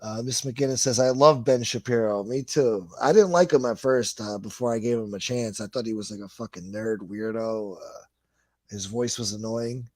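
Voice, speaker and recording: A man's voice: lowish voice, moderate pace, darkish tone, dry recording. A middle-aged man, hosting a livestream and reading chat comments in a blunt, profane, rambling way. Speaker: livestream host.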